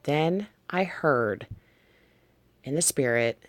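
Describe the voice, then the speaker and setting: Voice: mid-range voice, expressive, slow pace, no echo. A vlog host casually recounting dreams and visions from a notebook, wandering and correcting themselves while talking straight to viewers. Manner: meandering, self-correcting, addresses viewers directly. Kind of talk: casual spoken testimony read from a notebook.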